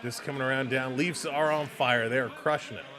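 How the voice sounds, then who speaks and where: A man calling a hockey game play-by-play for a watch-along stream, greeting chat viewers between plays and shouting on big moments. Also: medium pitch, steady tone, normal speed, a crowd in the background. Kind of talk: live play-by-play commentary with chat replies.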